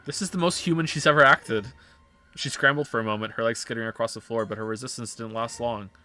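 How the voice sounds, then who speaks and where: A man's voice: medium pitch, steady tone, fast, bright, forceful tone, a little hiss or hum. A male streamer reading a visual novel's text aloud and breaking off into wry, sarcastic asides.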